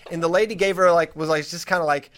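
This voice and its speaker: A man's voice: on the high side, quick pace. A man hosting a podcast, chatting casually and telling stories with lots of restarts. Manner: lively storyteller, restarts a lot. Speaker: podcast host. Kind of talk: casual chat and storytelling.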